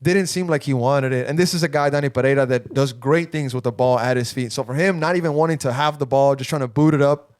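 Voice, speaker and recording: A man hosts a sports podcast in lively casual chat. His voice is smooth and clear. He argues back keenly, and the close mic keeps the sound dry. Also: mid-range voice, no room sound. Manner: chatty, animated, argumentative. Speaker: podcast host.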